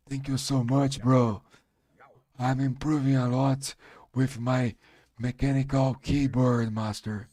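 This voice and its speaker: A man from Brazil with a Brazilian Portuguese accent and a strong voice, chatting on his live stream in halting English as a non-native speaker. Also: mid-range voice, a little mellow, no echo. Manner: halting, searching for English words. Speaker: game streamer. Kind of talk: casual live-stream chat.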